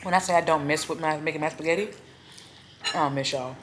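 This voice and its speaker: A woman casually chatting to viewers between bites, murmuring softly as she eats at home. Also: low-pitched, fast talker, slight background noise. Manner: talks between bites with soft murmured mm sounds. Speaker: mukbang vlogger. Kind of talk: casual chat while eating. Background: faint lawn mower and clinking cutlery.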